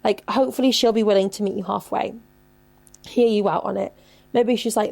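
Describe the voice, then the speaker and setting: A woman's voice: mid-range voice, steady tone, a little fast, creaky, a little mellow. A woman in her twenties who hosts a podcast, giving advice in a casual chatty way, swearing freely and saying "like" a lot. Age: 20s. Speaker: podcast host.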